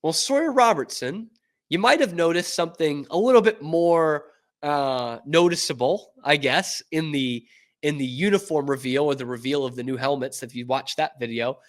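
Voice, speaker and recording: A man hosting a sports podcast, talking in a chatty, animated way and laughing often. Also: a little high, moderate pace. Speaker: podcast host. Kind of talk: casual sports commentary.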